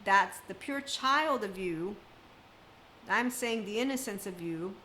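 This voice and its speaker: A woman's voice: mid-range voice, lively intonation, slow, pushed and bright, a little hiss or hum, rough recording. Emphatic woman giving a preachy monologue. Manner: emphatic, preachy, run-on sentences. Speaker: spiritual self-help speaker. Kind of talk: impassioned unscripted monologue.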